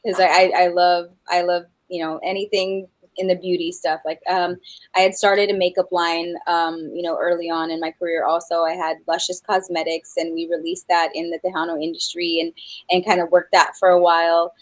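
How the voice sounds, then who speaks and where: A woman's voice: fairly low pitch, level tone, brisk, no room sound, rough recording. A middle-aged woman from New Mexico, a singer chatting as a guest in an interview, rambling with lots of fillers and restarts and laughing easily. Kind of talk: casual interview chat.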